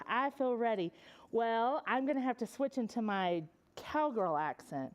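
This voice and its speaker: High-voiced librarian lady doing story time, sing-songy, swoops all over, keeps asking the kids stuff. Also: measured pace, highs cut off. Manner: animated, sing-song, asks children questions. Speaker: children's librarian. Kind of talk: preschool story time read-aloud. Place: public library story room.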